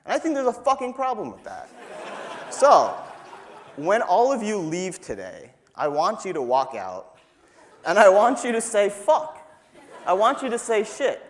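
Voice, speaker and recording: A man's voice: high voice, wildly swooping pitch, a little slow. A young man from New York giving a live stage talk to an audience, punchy and emphatic with a playful, profane edge. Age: young adult. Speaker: student speaker.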